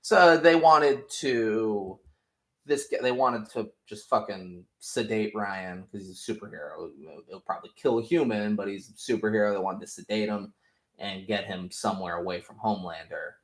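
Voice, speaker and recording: A young man casually recapping a show, rambling and swearing with excitement. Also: fairly low pitch, moderate pace. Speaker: podcast host. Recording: roomy echo.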